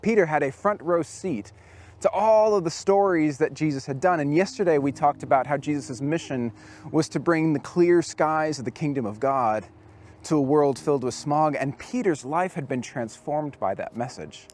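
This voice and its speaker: A man preaching to young people as a camp speaker, telling the story with lively acted-out quotes. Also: a little high, normal speed. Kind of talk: storytelling sermon to youth.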